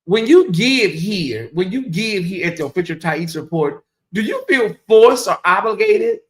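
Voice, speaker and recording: A man hosting a casual livestream, reading viewer comments aloud and stretching out questions slowly for effect. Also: high-pitched, big pitch swings. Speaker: livestream host.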